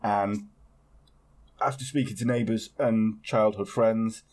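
A man with a fairly low voice tells a story in a loose, rambling podcast chat. He is wry and offhand, dropping the odd swear word. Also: steady tone, slow, a little mellow. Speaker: podcast co-host. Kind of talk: casual chat.

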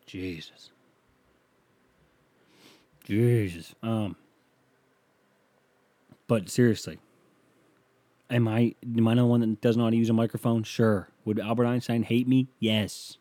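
A man's voice: medium pitch, little pitch movement, moderate pace, dark tone, dry recording. A man hosting a casual solo podcast from a small home studio, talking crude and rambling and mocking himself, close on a sensitive mic. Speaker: podcast host.

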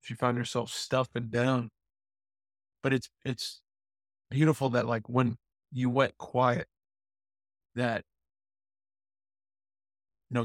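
Rambling, halting man, dry close sound. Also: medium pitch, dry recording. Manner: rambling, halting, repeats words. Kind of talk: casual faith conversation.

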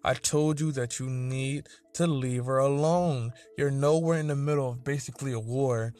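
A man playing a calm, stern faceless monster. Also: mid-range voice, moderate pace, close to an everyday voice. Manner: calm, serious.

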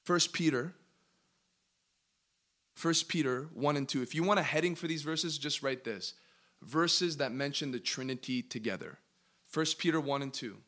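A man leading a Bible study, reading verses aloud with emphatic, animated delivery and quick questions to his listeners. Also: fairly high pitch. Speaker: Bible teacher.

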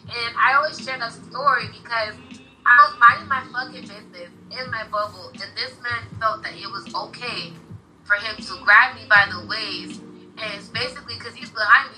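A woman's voice: on the high side, fairly quick, bright, forceful tone, faint music behind, low-quality recording. A young woman in casual conversation, talking bluntly and heatedly and swearing freely.

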